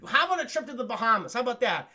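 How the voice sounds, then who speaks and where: A man's voice: extremely high pitch, sing-song, rapid-fire, sharp tone, exaggerated voice. A man voicing Alfred, a dry, long-suffering older male butler who talks sarcastically. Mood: sarcastic.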